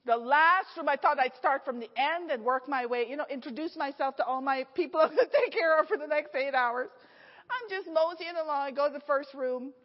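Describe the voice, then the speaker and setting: Middle-aged woman preacher, high voice, laughs a lot, acts out her stories, big echoey church, kinda muffled. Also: a little fast. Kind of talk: storytelling sermon. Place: church hall. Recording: echoey hall, slightly dull sound.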